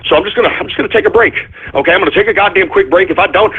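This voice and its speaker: A man hosting his own radio show, ranting in an agitated way, repeating himself and breaking into shouts. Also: sits high, rapid-fire, husky. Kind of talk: ranting call-in radio monologue. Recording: phone-line quality broadcast.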